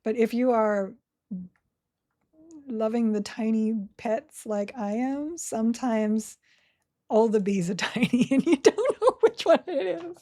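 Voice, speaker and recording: A giggly woman narrating her game on a live stream, slightly high in pitch, with a mellow, soft tone. She talks slowly and casually, laughing often and chatting to her viewers and characters. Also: lively intonation. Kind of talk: casual live gameplay commentary.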